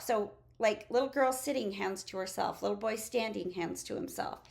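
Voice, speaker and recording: A woman's voice: medium pitch, normal speed, creaky, few pauses. A woman preschool teacher casually walking through her classroom materials, acting out routines she uses with the children. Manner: chatty, demonstrates classroom routines aloud. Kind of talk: casual classroom-resource walkthrough.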